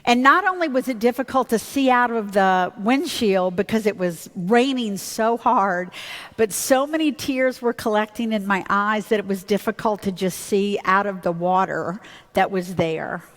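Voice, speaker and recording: A woman's voice: mid-range voice, moderate pace. A woman pastor preaching a sermon in a church, telling a personal story in a candid, conversational way with fillers and self-corrections. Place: church sanctuary. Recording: long reverb of a church hall.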